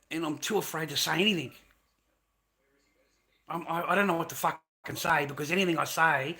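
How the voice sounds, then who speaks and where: Male streamer, bright edgy voice, profane heated rant to camera. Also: fairly high pitch. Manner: profane, heated ranting with repetition. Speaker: livestream host. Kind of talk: ranting live stream monologue.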